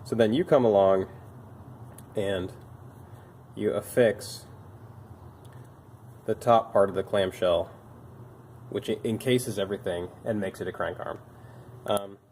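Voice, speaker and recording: A man's voice: on the low side, steady tone, takes it slowly, long pauses, a little mellow, a little hiss or hum. A young man who works at a bike shop, talking casually and with dry, self-mocking humor about old bike parts while sounding tired. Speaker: bike shop mechanic and video host. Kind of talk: casual show-and-tell talk.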